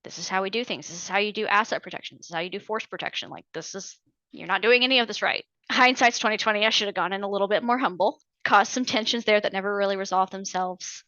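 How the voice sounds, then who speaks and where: Bright-voiced, candid woman telling her story. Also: mid-range voice, fast talker, dry recording, highs cut off. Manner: candid, emphatic storytelling with quoted dialogue. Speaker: podcast guest, Navy veteran. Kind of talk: personal story in an interview.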